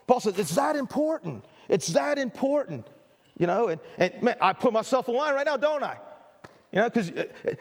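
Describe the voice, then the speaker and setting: Here the same kind of speaker, a middle-aged man delivering a sermon, has a high, creaky voice. Earnest and emphatic, he stumbles into restarts and says phrases over again, all captured with the echo of a church hall.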